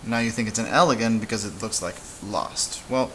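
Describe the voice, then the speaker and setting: A man teaching a casual whiteboard lesson, relaxed and halting, with frequent fillers and restarts. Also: on the low side, a little hiss or hum, rough recording. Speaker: Spanish teacher.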